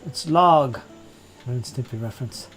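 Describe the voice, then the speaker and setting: Working on terrain during a laid-back hobby live stream, this host mutters to himself, chats, and reads out viewer comments. The man's voice is medium-pitched, fairly bright, and moderately paced, over soft background music.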